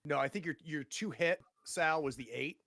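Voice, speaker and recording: A man with a bright, forceful, fairly high voice plays in a tabletop game. His voice is recorded dry and close, and he chats casually with quick in-character asides. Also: vocal fry, no echo. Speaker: player.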